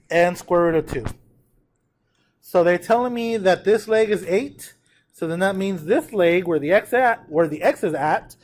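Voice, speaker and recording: Guy teacher going over math notes with his class, kinda high voice, chatty, keeps checking in with everyone. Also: darkish tone, a little hiss or hum. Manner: chatty, checks in often with class, slows to dictate numbers. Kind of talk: classroom lecture on trig notes.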